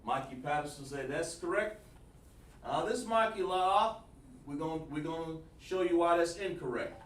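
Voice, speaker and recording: Man, instructor on a live stream, a bit higher pitched, mic set back in a roomy space. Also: normal speed, a bit bright. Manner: repetitive, coaching, asks the chat for feedback. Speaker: language teacher. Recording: echoey room, distant mic, faint noise.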